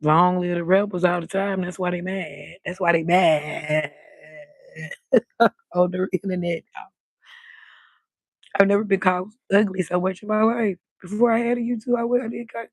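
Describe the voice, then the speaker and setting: Gravelly, husky woman chatting late at night. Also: medium pitch, moderate pace, dry recording. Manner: loud, animated, cusses freely. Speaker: livestream host. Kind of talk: late-night livestream chat. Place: balcony outdoors at night.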